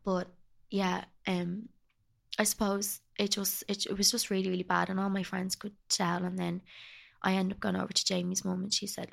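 A young woman talks as a guest in a candid conversation, her voice soft, emotional and halting. She speaks in a flat, even tone with a gravelly edge. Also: medium pitch.

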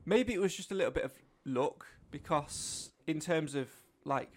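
A man's voice: a little high, normal speed. A man co-hosting a podcast in casual chat, jokey and rambling as he thinks aloud. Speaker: podcast co-host.

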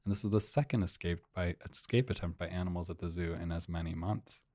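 A man's voice: low voice, quick pace, dark tone, no room sound, clean studio sound. A man in his thirties co-hosting a podcast, chatting casually and reading out a news story with amused asides. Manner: amused, rambling, reads out news stories. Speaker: podcast co-host. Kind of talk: casual chat.

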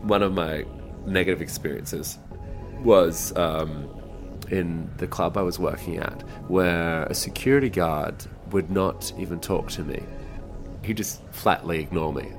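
A man's voice: low voice, a little slow, music in the background. A man who performs in drag, telling personal stories in a casual, chatty way and acting out the voices of people he quotes. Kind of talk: casual storytelling.

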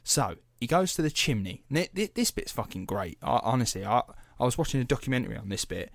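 A man's voice: medium pitch, lively intonation, quick pace, gravelly, hardly any pauses, no room sound, clean studio sound. A young man hosting a podcast, telling a story in a loose, chatty way, swearing freely and padding with fillers. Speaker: podcast host. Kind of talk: casual storytelling chat.

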